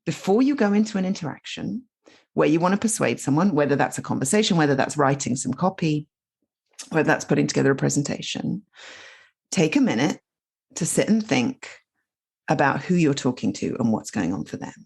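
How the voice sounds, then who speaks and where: A woman guest on a podcast, a storytelling coach explaining her ideas in casual, animated conversation. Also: sits low, a little fast, creaky, slightly rough. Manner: animated, explaining with many asides.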